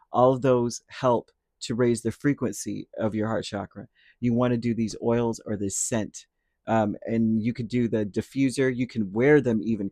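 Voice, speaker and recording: A man's voice: mid-range voice, darkish tone, dry recording. Rambling male tarot reader, dry sound. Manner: rambling, self-correcting, tags lines with "right?". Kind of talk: casual spiritual reading to camera.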